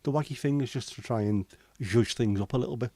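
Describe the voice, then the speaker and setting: A middle-aged man, hosting a relaxed livestream and chatting with viewers in a jokey, rambling way. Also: mid-range voice, quick pace, no echo. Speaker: livestream host. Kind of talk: casual chat reading viewer comments.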